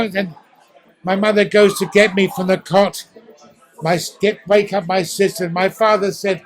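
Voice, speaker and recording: This East End Londoner in his eighties, an actor with a posh English accent, theatrically recounts stories during a restaurant interview, acting out sounds. His high, fairly bright voice is fairly even, a little slow, with long pauses, and the recording is low quality.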